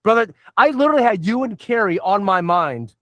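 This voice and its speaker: High-voiced rambling, profane middle-aged man. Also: expressive, a little fast, pushed and bright, no room sound. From Southern United States. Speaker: podcast host. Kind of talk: casual podcast chat.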